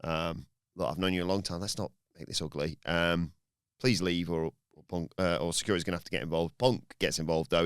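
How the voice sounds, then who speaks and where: A man's voice: low voice, steady tone, quick pace, a bit bright, clean tone, no room sound, clean studio sound. A man co-hosting a wrestling podcast, recapping the show and acting out quoted lines with punchy delivery. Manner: reads out promos with raised, punchy delivery.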